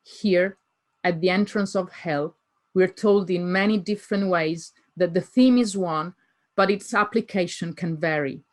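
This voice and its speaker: A woman giving an academic lecture, reading poetry closely with deliberate emphasis. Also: on the low side. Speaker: conference speaker.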